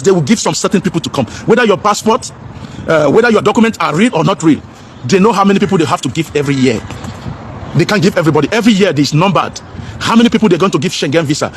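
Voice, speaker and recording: A man's voice: high-pitched, a little hiss or hum. A man in an impassioned, preachy monologue, asking rhetorical questions and slipping into pidgin.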